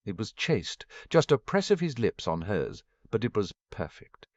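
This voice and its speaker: A man with a low voice narrates a story, his pitch swinging widely as he reads. The recording is dry and a little muffled and dull. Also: unhurried, no echo. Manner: expressive storytelling, voices every character. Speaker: audiobook narrator. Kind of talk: reading fan fiction aloud.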